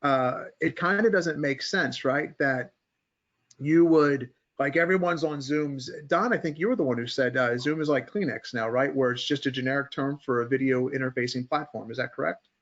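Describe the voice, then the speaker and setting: A man's voice: mid-range voice, normal speed, fairly bright tone. Man hosting a rambling market chat, slightly muffled. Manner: rambling, thinks aloud, asks co-hosts for input. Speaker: host of a markets podcast. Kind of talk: casual group chat about stock charts.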